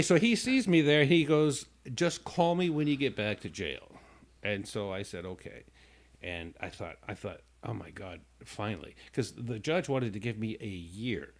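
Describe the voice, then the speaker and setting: A male radio host at middle pitch tells a long personal story in a casual, rambling way. He stumbles and restarts often and briefly acts out the other people in it. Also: animated, normal speed.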